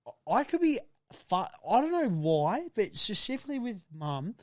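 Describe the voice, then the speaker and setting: Young aussie dude, high voice that jumps all over, swears and laughs a lot. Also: male voice, normal speed, no echo, clean studio sound. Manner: excitable, sweary, laughs often. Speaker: podcast co-host. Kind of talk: casual chat.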